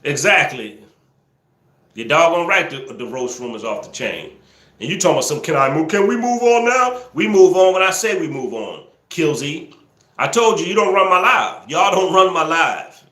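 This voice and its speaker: Animated man yelling at his live chat. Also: fairly high pitch, moderate pace, reverberant. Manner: teasing, scolding trolls, yelling excitedly at times. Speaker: livestream host. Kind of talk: casual live-stream commentary, talking to the chat.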